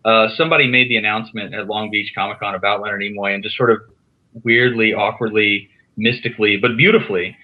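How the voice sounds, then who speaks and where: A man telling an animated, rambling story as a podcast guest, with many restarts. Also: on the low side, fast talker, highs cut off. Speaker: podcast guest, comics writer. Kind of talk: casual storytelling. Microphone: remote call.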